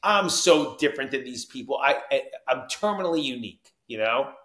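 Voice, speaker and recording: An animated man from New Jersey tells a personal story as a podcast guest and acts out each voice in it. His pitch sits in the middle, and the room gives his voice a noticeable echo. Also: a little fast. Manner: animated, acts out quoted dialogue, frequent "you know what I mean". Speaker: podcast guest, recovery coach. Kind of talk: storytelling in conversation.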